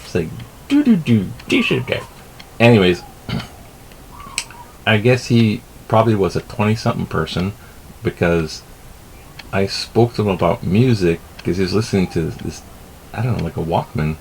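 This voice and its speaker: A man's voice: low-pitched, moderate pace, long pauses, darkish tone, a little hiss or hum, poor audio. A middle-aged man giving rambling, casual news commentary, self-amused and swearing offhandedly. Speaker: vlogger reading the news.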